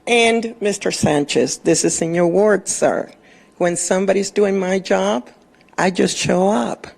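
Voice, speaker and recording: A woman with a gravelly, fry-laced voice speaks at a city council podium. She talks with passion, pressing officials to do their part. She scolds some of them in pointed, blunt words. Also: mid-range voice, a little slow, darkish tone. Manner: impassioned, scolding. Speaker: public commenter. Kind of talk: city council public comment.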